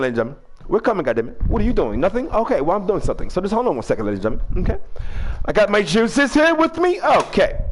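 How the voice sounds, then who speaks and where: A man hosting a fan-made video-game wrestling show, rambling in casual chat and breaking into drawn-out ring-announcer calls. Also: on the high side. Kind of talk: casual hosted recap with announcer flourishes.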